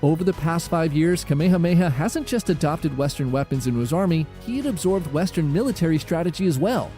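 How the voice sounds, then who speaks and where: A man giving dramatic, measured scripted narration of a history documentary. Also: on the high side, animated, dark tone. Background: faint music.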